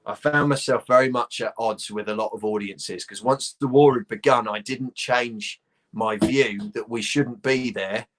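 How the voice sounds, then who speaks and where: A middle-aged man with a posh southern English accent spins comic anecdotes as a guest in a relaxed chat. His voice sits at an ordinary pitch. He swears easily and laughs mid-sentence as the story builds. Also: unhurried. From London. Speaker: guest comedian. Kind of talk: casual chat, telling anecdotes.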